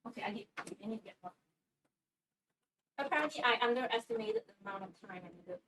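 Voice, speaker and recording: A fast-talking woman with a fairly high, slightly bright and expressive voice streams herself baking at home. Her kitchen chat is casual and rambling, with lots of swearing. A distant mic picks her up, and faint background noise is audible.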